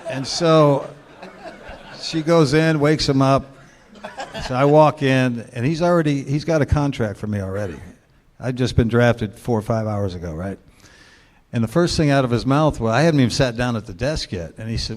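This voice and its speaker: A man's voice: mid-range voice, expressive, moderate pace, a little mellow. A man in his sixties, a guest speaker telling a long, wry story to a luncheon club in a laid-back way.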